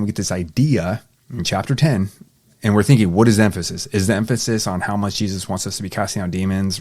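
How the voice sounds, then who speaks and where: A deep, darkish male voice belongs to a teacher holding a relaxed Bible study. He reads passages out loud before restating them casually in everyday talk.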